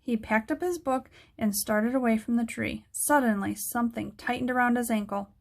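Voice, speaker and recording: A woman narrating a children's book aloud in a steady storytelling manner. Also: fairly high pitch, moderate pace, vocal fry.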